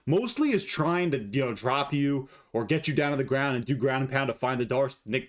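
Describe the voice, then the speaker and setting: A man giving casual fight predictions as an MMA analyst, blunt and joking with plenty of swearing. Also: mid-range voice.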